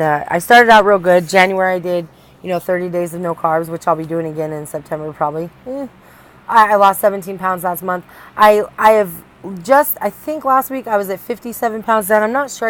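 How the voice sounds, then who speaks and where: A woman's voice: on the low side, low-quality recording. A young woman talking candidly in a personal vlog, rambling and restarting often as she opens up. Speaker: vlogger.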